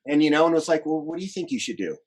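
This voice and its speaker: A man in his forties from the United States, a relationship coach telling animated stories as an interview guest and quoting people in them. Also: fairly high pitch, racing, breathy edge. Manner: animated, chatty, quotes others in his stories. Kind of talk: casual interview storytelling.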